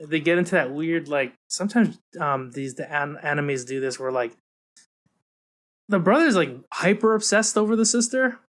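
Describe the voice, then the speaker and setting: A young man co-hosting a casual podcast, talking animatedly and mimicking characters in high voices. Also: animated, moderate pace, a bit bright. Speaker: podcast co-host. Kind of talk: casual chat.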